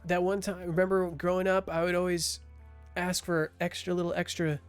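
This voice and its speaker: A man playing a tabletop game online, eager and quick to own mistakes. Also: sits high, little pitch movement, smooth, no echo, faint music behind. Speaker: player. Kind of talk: casual tabletop game chat.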